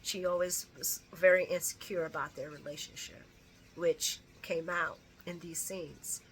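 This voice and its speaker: A woman recapping a soap opera in a casual, animated way, blunt and profane, and acting out the scenes as she goes. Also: lowish voice, unhurried, a little hiss or hum.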